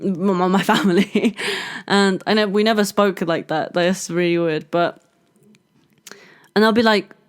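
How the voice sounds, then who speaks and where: Brief: young woman hosting a podcast, candid storyteller who swears freely and says "like" a lot, smooth clear voice. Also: mid-range voice, fairly even intonation, a little slow, pauses often. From London, England. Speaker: podcast host. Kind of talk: casual personal storytelling.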